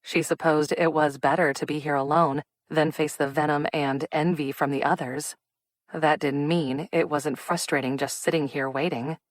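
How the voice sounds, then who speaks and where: A woman narrating a cozy mystery audiobook in a smooth, even reading. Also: sits low, normal speed, no room sound. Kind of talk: scripted narration.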